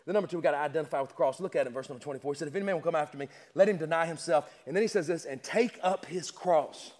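In a big room, a male preacher with a high-sitting, darkish voice and lively intonation gives a church sermon. Repetitive and emphatic, he rattles off rhetorical questions while stumbling into stammering restarts.

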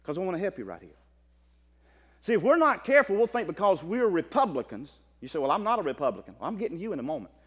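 This Baptist sermon comes from a man with a high voice whose pitch moves widely as he climbs from quiet asides into loud, exclaiming passages. The hall around him carries a long echo.

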